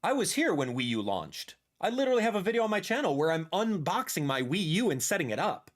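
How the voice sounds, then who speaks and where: Lively excitable man streaming. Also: sits high, quick pace. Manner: excitable, animated, repeats phrases; drops to a soft murmur when talking to his cat. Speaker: streamer reacting live. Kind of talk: livestream reaction commentary.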